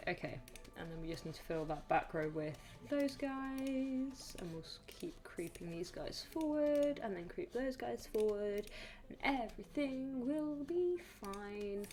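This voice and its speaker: A woman with a warm, expressive, medium-pitched voice speaks a little slowly while playing a game on stream. She's chatty, mutters to herself and the game, and drops playful sing-song asides.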